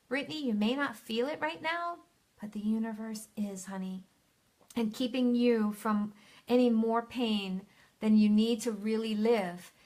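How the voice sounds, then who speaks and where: Soothing spiritual coach, fairly high voice. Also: female voice. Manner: soothing, affirming, addresses viewers by name; reads viewer comments aloud. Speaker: spiritual coach hosting a live Q&A. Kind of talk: live-stream advice session. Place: at home.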